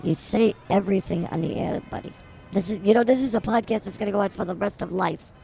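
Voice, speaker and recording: A woman's voice: medium pitch, quick pace, creaky, mellow, soft background music. A woman co-hosting a comedy podcast, teasing and rambling through improvised banter. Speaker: podcast co-host.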